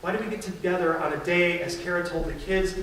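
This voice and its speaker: A man delivers a sermon, animated and storytelling, now and then slipping into the voices of the people in the story. His voice sits high for a man. The sound is distant and washed in heavy church reverb, with faint room noise underneath. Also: quick pace. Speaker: pastor. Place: large church sanctuary. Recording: echoey church from far off.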